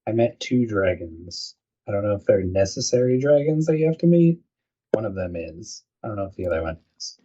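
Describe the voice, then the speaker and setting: A man co-hosting a casual podcast chat, jokey and quick to act out characters. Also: fairly low pitch, animated, warm tone, husky. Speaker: podcast co-host. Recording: dull lo-fi recording.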